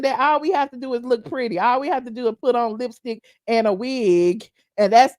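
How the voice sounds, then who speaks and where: A woman hosting a casual livestream, chatting to viewers in a sassy, animated, digressive way. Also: on the high side, no room sound, studio quality. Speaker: livestream commentary host. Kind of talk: casual commentary reading viewer chat.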